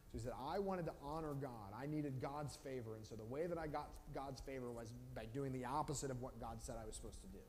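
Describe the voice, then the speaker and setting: A man leading a casual Bible study, retelling the stories with quick voiced asides for the characters. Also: mid-range voice, darkish tone. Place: church room. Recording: live stream with long reverb and faint noise.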